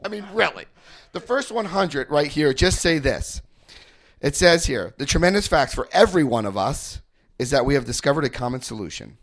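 A man's voice: fairly high pitch, sing-song, normal speed. A man giving a jokey workshop talk to a live audience of hundreds, throwing rhetorical questions at the crowd. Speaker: recovery workshop speaker. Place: large hall with an audience.

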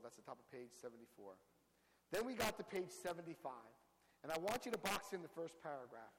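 A man speaking to a recovery group, telling his own story with lively acted-out quotes. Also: fairly high pitch, long reverb tail, a little hiss or hum, low-quality recording. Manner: storytelling, acts out quotes with big voice jumps. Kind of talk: animated personal talk to a group.

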